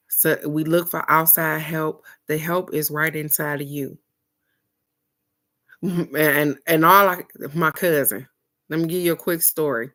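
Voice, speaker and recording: A woman's voice: deep voice, fairly bright tone. A woman doing a motivational card-of-the-day talk, speaking straight to her viewers in a preachy, folksy way and repeating key phrases for emphasis. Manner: preachy and encouraging, addresses viewers directly. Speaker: card reader.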